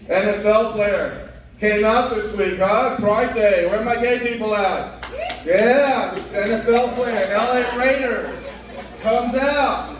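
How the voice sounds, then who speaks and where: A man's voice: high voice, a little hiss or hum. A middle-aged man doing wry stand-up comedy, asking the crowd rhetorical questions on a club stage. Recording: echoey club from far off.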